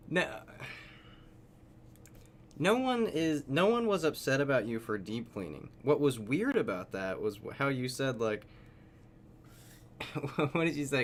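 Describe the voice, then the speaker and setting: Sarcastic man streaming with lively pitch. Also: a little hiss or hum. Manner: sarcastic, laughing, talking back at the video. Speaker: streamer reacting to a video. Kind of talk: casual live-stream commentary.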